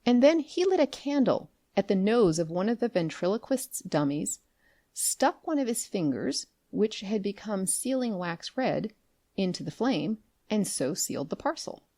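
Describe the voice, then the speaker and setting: Expressive woman reading an audiobook. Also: mid-range voice, unhurried, no room sound, clean studio sound. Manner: expressive storytelling. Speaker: audiobook narrator. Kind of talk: scripted narration.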